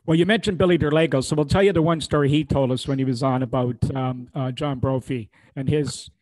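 A man hosting a podcast, steering the conversation in a relaxed, casual way. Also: medium pitch, brisk, no room sound. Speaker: podcast host. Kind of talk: casual chat.

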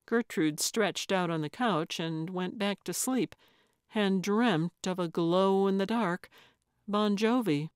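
A woman narrating a cozy mystery audiobook in a calm, measured way. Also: mid-range voice, clean tone, no echo, clean studio sound. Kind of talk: scripted narration.

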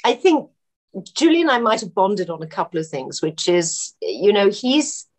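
A middle-aged actress chatting as a podcast guest, telling anecdotes and laughing often. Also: female voice, medium pitch, very animated, normal speed. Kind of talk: casual podcast interview.

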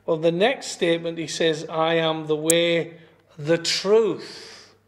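An older man from England preaching a sermon as pastor, earnest and emphatic, repeating and slowing on key phrases. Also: fairly high pitch, fairly even intonation. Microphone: streamed church service.

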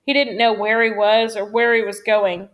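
A woman narrating an audiobook in a measured, dramatic storytelling manner. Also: mid-range voice, flat delivery, narrow, tinny audio.

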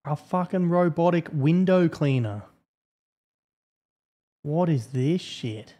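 Foul-mouthed streamer with a husky voice. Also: male voice, a little high, animated, takes it slowly, mellow. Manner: swears constantly, blunt, laughing and grumbling. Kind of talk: casual live-stream chat while gaming.

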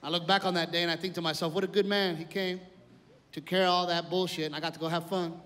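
A man performing a stand-up comedy set, telling family stories in an animated way and yelling out the punchlines. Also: sits high, fast. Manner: loud animated storytelling, yells while acting out his family. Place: comedy club stage. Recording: echoey club with audience and noise. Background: audience laughter.

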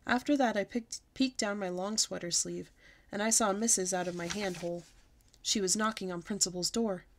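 A woman's voice: mid-range voice, moderate pace, slight background noise. Woman reading a children's book aloud. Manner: lively, expressive storybook reading. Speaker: storyteller.

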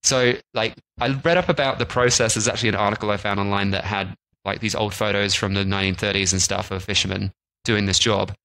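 A man's voice: fairly low pitch, fairly even intonation, quick pace, vocal fry, sharp tone, poor audio. A man co-hosting a travel podcast, chatting casually with plenty of "like" and restarts. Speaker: podcast co-host. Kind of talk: casual chat.

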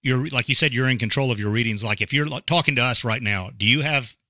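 A man's voice: mid-range voice, fast, sharp tone, no room sound. A man co-hosting a podcast who asks the guest questions in a hesitant way, with restarts. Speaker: podcast co-host. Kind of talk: casual interview question.

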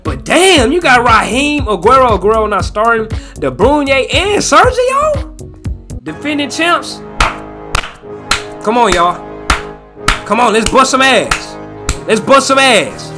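A man giving live commentary over his own football video game match, excitable and repeating hype phrases over and over. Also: very high voice, measured pace, music in the background. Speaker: gaming YouTuber.

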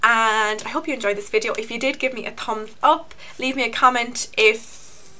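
A woman's voice: on the high side, steady tone, normal speed, sharp tone, slight background noise. A young Irish woman with an Irish accent chatting to camera in a casual, rambling beauty vlog, with a self-mocking streak. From Ireland. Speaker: beauty YouTuber.

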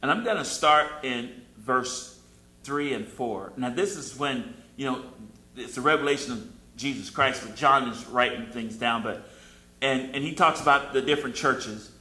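A man preaches in an easy, conversational way. He repeats short refrains and acts out prayers in his own voice. His voice is bright and sharp, and the church room echoes around him. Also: medium pitch, moderate pace. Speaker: pastor. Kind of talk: sermon. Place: church sanctuary.

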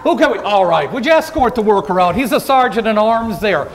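A man's voice: high voice, expressive, a little fast. A man playing a folksy 19th-century union organizer in a first-person historical role-play, joking with and addressing a live audience. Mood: jovial. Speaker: living-history presenter.

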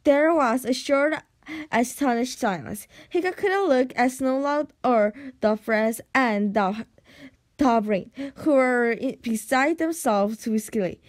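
A woman's voice: fairly high pitch, slow pace, no echo, studio quality. A woman reading a children's novel aloud, stumbling now and then and correcting herself. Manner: reads with stumbles and self-corrections. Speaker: book reader.

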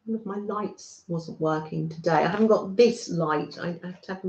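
A British woman hosting a live craft stream, chatting warmly with viewers by name and laughing softly. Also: fairly low pitch, moderate pace. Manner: warm, chatty, talks to viewers by name, frequent soft laughs. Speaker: craft livestream host. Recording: roomy, slightly dull sound.

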